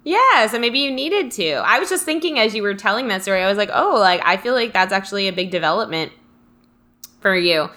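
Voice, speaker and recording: Bright-voiced woman rambling reflectively. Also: medium pitch, animated, brisk. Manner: rambling and reflective, many fillers. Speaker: co-host reading live comments. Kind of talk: casual live-stream chat.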